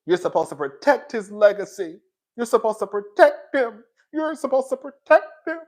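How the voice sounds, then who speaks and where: Animated, laughing male pop culture commentator. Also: extremely high pitch, normal speed. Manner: animated, slangy, often laughing and riffing. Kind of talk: casual commentary to viewers.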